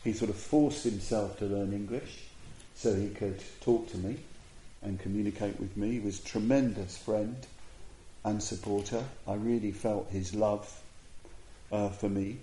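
A man giving a Dharma talk as a Buddhist teacher, telling a story reflectively with pauses and restarts. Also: fairly low pitch, steady tone, dark tone, reverberant, slight background noise, rough recording.

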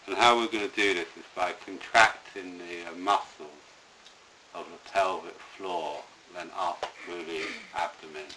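A man's voice: low-pitched, fairly even intonation, unhurried, bright, forceful tone, slight background noise, poor audio. A man teaching a meditation class to a group in a room, talking in a rambling, hesitant way with many restarts. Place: indoor room with a live group.

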